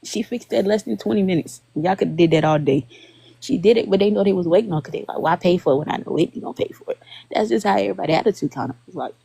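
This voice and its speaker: Gravelly low woman telling stories. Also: quick pace, dry recording, rough recording. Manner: animated, acts out quotes of others. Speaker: guest. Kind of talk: casual storytelling on a live stream.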